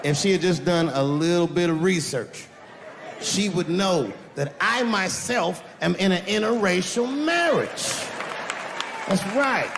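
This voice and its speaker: A stand-up comedian on a large theater stage tells a profane story to a live audience, animated and doing voices for its characters. His voice is high-pitched, a little slow, and creaky. The hall is reverberant and noisy, with loud crowd laughter.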